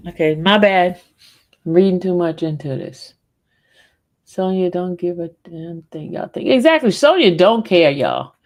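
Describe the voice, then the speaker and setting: A woman's voice: on the low side, animated, a little slow, a little mellow. A woman hosting a casual livestream, playfully scolding and teasing her chat in a way of speaking. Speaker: livestream host.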